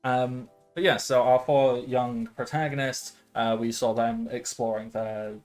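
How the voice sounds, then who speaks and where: A man's voice: medium pitch, fairly even intonation, unhurried, darkish tone, soft background music. A man in his late twenties running a tabletop game as game master, rambling with lots of filler sounds and frequent laughs. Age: late 20s. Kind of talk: casual tabletop game narration.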